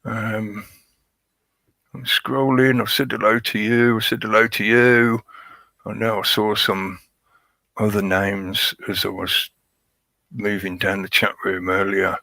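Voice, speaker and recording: Man, livestream host, rambling casual talk, crisp bright tone. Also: lowish voice, little pitch movement, slow, pauses often, no echo. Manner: rambling, conspiratorial, chuckles at his own jokes.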